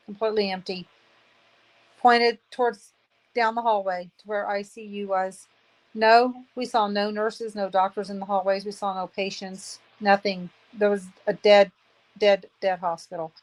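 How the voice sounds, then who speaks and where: Indignant woman, flat-voiced, repeating herself. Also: medium pitch, rough recording. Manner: earnest, repeats phrases for emphasis; aggrieved, indignant. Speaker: widow giving testimony. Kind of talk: emotional personal testimony.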